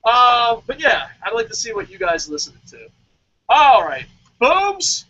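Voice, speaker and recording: A man with a very high, bright, sharp voice that swings widely as he talks. He chats on a podcast, excitable and profane, breaking into mock-dramatic rants. The audio is dull and lo-fi. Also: measured pace. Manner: excitable, swears a lot, mock-dramatic outbursts. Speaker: podcast co-host. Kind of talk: casual podcast chat.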